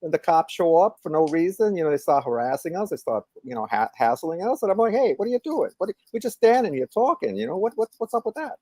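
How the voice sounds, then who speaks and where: Brief: man as indignant New York corner guy, heavy accent, higher and aggrieved. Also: sing-song, quick pace, hardly any pauses, warm tone, dry recording. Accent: put-on New York. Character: brash New York street guy, annoyed.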